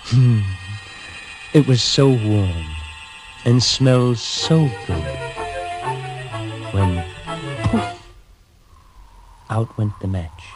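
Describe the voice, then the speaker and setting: A man telling a fairy tale in a gentle, dramatic storytelling reading with hushed pauses. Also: fairly low pitch. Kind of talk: scripted narration of a fairy tale. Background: music.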